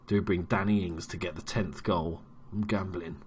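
Excitable man commentating his game. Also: low voice, moderate pace, few pauses, slight background noise. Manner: excitable, swings from muttering to loud cheering. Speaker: let's play gamer. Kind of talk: casual gameplay commentary.

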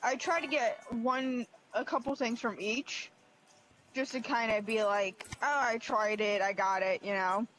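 A woman's voice: a little high, steady tone, measured pace, noisy background. A woman co-hosting a let's play, chatting in a rambling way full of "like". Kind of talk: casual gaming banter.

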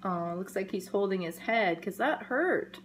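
A woman educator reading a picture book aloud to young children, telling the story gently and expressively and adding sound effects. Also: medium pitch, animated, measured pace, slight background noise.

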